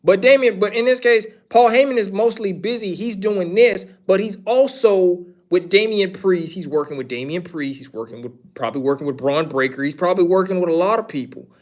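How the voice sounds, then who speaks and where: A man talks casually on a livestream, his voice sitting a little higher than most men's. He rambles, repeats his points, and gives blunt opinions while answering questions from chat. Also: a little fast, few pauses. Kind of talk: casual wrestling commentary.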